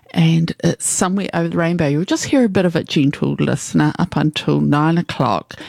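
Gravelly woman hosting a chatty show. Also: fairly low pitch, a little mellow, no echo, clean studio sound. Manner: chatty, fumbling with equipment. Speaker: radio host. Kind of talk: casual chat.

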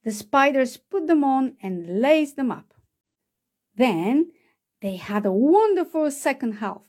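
A woman's voice: high voice, very animated, takes it slowly, a little mellow. A woman reading a children's storybook aloud, changing her voice for each character.

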